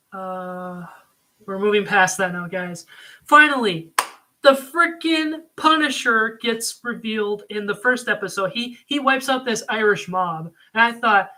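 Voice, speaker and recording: A man talking casually at home, reviewing a TV series in a rambling, excitable way with lots of fillers. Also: sits high, slow pace, long pauses. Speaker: video reviewer. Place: home room.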